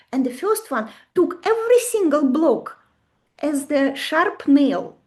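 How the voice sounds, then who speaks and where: A woman leads a live astrology lesson, quizzing her class and acting out little stories. Her voice sits high, with a soft, mellow tone. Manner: animated, asks the class questions, acts out stories. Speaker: astrology teacher.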